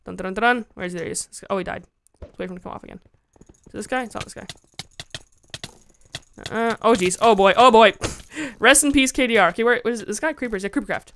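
A woman's voice: a little high, fast talker, pauses often, a bit bright, a little hiss or hum. A woman giving casual, giggly commentary while playing a game and talking to her chat, squealing when she is attacked. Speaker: Minecraft let's-play gamer.

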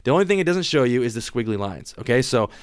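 A man's voice: mid-range voice, sing-song, fast, clean tone. A man hosting an informal screen-share explainer, talking emphatically and reassuringly, often repeating and restarting his words. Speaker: software company host.

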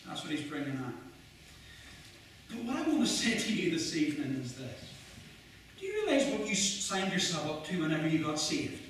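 A man's voice: on the high side, big pitch swings, a bit bright, a little hiss or hum. A man preaching an earnest, fervent sermon in a mission hall. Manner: earnest, rising to fervent, with quotes read slowly. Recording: very echoey hall, mic far off.

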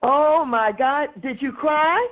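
An older woman in Congress, speaking slowly and effusively on a phone call. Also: sits high, no room sound. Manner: slow, deliberate and effusive.

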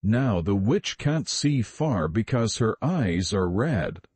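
A man reading a fairy tale aloud in calm storybook narration, slow and even. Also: lowish voice, husky, no echo.

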